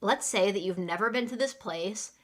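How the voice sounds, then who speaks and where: Her voice at a typical middle pitch, a woman teaches English in a live online class. Patient and clear, she voices a server's lines and stops so the students can say them back.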